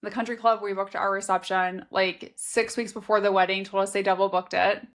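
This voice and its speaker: A woman's voice: mid-range voice, flat delivery, a little fast. A woman in her thirties co-hosting a podcast, chatting casually and telling personal stories with lots of "like.". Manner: chatty storyteller, frequent "like" fillers. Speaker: podcast co-host. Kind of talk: casual chat.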